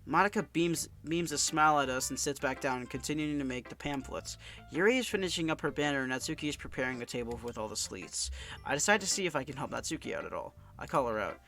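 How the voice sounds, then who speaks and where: A young man reading a visual novel game aloud, subdued and somber, stumbling now and then over words. His voice is bright and forceful despite a stuffy, congested nose, at an average pitch for a man. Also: animated, quick pace. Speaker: let's-play narrator.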